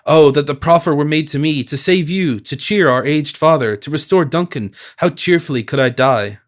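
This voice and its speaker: Brief: man voicing a frightened younger sister, trembling and pleading, raised pitch. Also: normal speed, close to an everyday voice.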